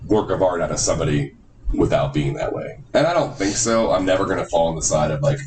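A man co-hosting a podcast in casual chat, rambling, animated and swearing freely. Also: deep voice, fast. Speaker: podcast co-host. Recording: echoey room, far from mic, noisy.

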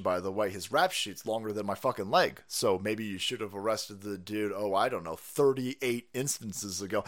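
A man's voice: mid-range voice, a bit bright. A man ranting on a live stream, sarcastic and profane, who often laughs at his own jokes. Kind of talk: profane political rant.

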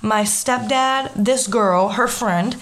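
A young woman telling a story in casual chat, animated and swearing freely. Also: a little high, slow.

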